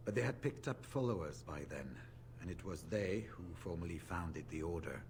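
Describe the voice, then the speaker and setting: An actor playing a weathered older male warrior in a video game, speaking in a measured, solemn way. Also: darkish tone, a little hiss or hum. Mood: storytelling. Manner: measured, solemn, low and confiding. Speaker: game character.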